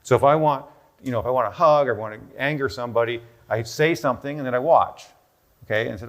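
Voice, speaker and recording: A man giving an explanatory talk on stage in a busy room. He lectures at an even, mid pitch and thinks out loud as he goes. He keeps checking in with his listeners by saying "okay?". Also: fast talker. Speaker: doctor presenting a health protocol. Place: busy room with a live audience.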